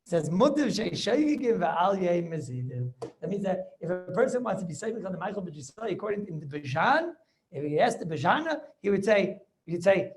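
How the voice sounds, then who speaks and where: A man teaching a Torah class over a video call, animated and argumentative, firing rhetorical questions. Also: sits high, brisk, slight background noise. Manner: animated, argumentative, rhetorical questions, Yiddish-laced yeshiva English. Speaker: rabbi teaching a Talmud class.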